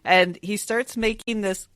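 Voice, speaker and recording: A woman's voice: lowish voice, a bit bright, dry recording. A woman co-hosting a podcast in casual chat, gushing and laughing as she talks. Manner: gushing, chatty, laughs while talking. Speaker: podcast co-host.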